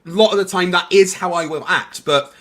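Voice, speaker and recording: A man in a played clip explaining himself in a casual discussion, halting and stumbling over words. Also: high voice, fairly bright tone. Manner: halting, self-justifying, restarts words. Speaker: debate guest in a played clip.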